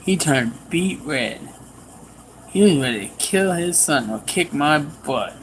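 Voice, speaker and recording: A man preaching a sermon, telling a personal story with animated swings in pitch and pace. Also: slow pace, a little hiss or hum, low-quality recording.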